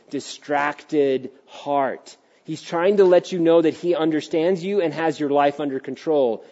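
A middle-aged man preaching in church with a slightly raised pitch, lively and expressive, sometimes sinking to a soft, hushed delivery. The recording is dull and lo-fi, with muffled highs. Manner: animated, acts out voices, drops to a hushed tone. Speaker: pastor. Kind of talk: sermon. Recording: dull lo-fi sound.

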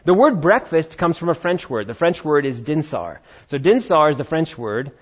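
A man preaching a sermon as pastor, talking in a conversational, animated way with playful asides. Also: on the high side, normal speed. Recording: dull lo-fi sound.

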